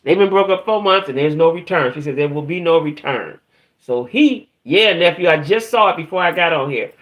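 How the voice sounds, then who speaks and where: A woman's voice: deep voice, expressive, brisk. A woman hosting a casual livestream who rambles chattily, talks straight to her viewers and trails off while searching for names. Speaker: host of a reality TV talk channel.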